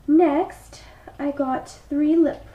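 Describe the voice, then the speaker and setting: A young woman with a stuffy, congested voice from a cold talks through a makeup haul in a chatty, apologetic way. Her pitch sits a touch high, and the room is echoey with a faint hiss behind her. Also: steady tone, extremely slow, narrow, tinny audio. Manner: chatty, apologetic, frequent ums. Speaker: beauty vlogger. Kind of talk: casual product haul.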